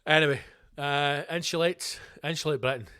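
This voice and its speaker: A man's voice: on the high side, fairly even intonation, normal speed, sharp tone, smooth, no room sound, studio quality. A man with a Scottish accent, hosting a solo podcast, ranting with lots of swearing and comic put-on voices. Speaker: podcast host.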